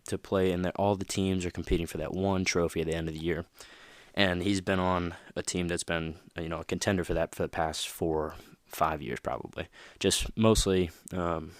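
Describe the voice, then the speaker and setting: A man's voice: sits low, no room sound, studio quality. A man hosting a motivational podcast, talking in a loose, rambling, conversational way and often checking in with "right?". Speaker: podcast host. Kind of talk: casual motivational monologue.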